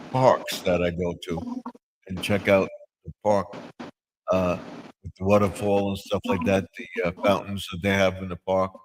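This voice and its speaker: A man's voice: deep voice, slight background noise, rough recording. An older man hosting a live stream, chatting casually and rambling, with many restarts and fillers. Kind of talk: casual chat.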